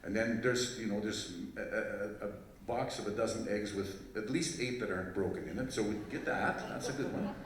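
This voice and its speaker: A man's voice: fairly low pitch, moderate pace, hardly any pauses, a little hiss or hum. A man telling a rambling, joking story to a live audience from a festival stage, with lots of fillers and restarts. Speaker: fiddler introducing a tune on stage. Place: large hall at a live festival show. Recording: very echoey hall, voice from far off, faint crowd ambience.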